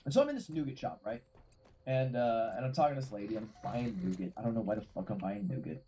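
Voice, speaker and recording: A man's voice: mid-range voice, quick pace. Rambling, profane man streaming. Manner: rambling, profane, animated storyteller. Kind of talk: casual storytelling while gaming. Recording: game gunfire noise under voice. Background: game gunfire and ambience.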